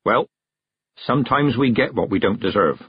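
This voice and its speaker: A man reading aloud, voicing a stern, proud old woman witch with a husky, brisk and commanding manner. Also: mid-range voice, expressive, no echo. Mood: dry. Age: older. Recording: dull, dry close recording.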